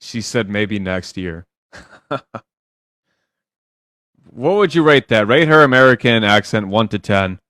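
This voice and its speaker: A man's voice: mid-range voice, expressive, a little slow, long pauses, fairly bright tone, no echo, clean studio sound. A man working as a dating coach, giving blunt, teasing advice on a live stream and swearing freely.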